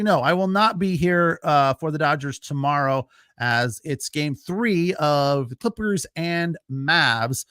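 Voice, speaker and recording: A man's voice: fairly high pitch, sharp tone, no echo, studio quality. A man hosting a solo postgame sports podcast, talking casually with lots of fillers and reacting to live chat. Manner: casual, chatty, frequent fillers, laughs easily.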